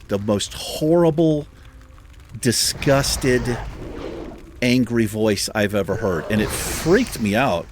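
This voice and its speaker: A man's voice: mid-range voice, slight background noise. A man hosting a gaming channel, telling a long anecdote casually with a lot of swearing. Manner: profane, exasperated anecdote telling. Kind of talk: casual storytelling over gameplay.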